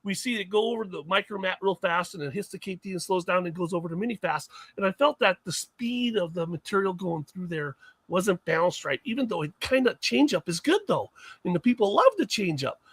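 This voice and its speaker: A man's voice: high voice, lively intonation, fairly quick, fairly bright tone, slightly rough, no echo. A middle-aged man chatting on a podcast, telling rambling, self-mocking stories full of restarts. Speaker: guest, mining equipment maker. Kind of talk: casual podcast chat.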